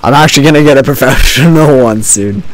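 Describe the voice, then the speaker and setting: A man with a medium-pitched voice talks fast as he hosts a let's-play for his gaming channel, keeping up a joking, sarcastic running commentary. He's recording on a home desk mic fitted with a homemade pantyhose pop filter.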